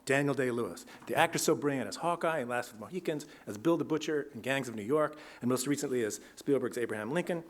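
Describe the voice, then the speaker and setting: A man delivers an academic lecture, reading steadily from a prepared text. His tone is measured and his pitch sits in a middle range.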